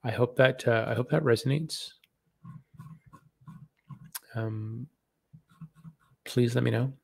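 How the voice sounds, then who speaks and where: A man giving live spiritual readings on a stream, talking gently and haltingly and repeating words as messages come to him. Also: medium pitch, fairly even intonation, creaky, breathy edge, no room sound.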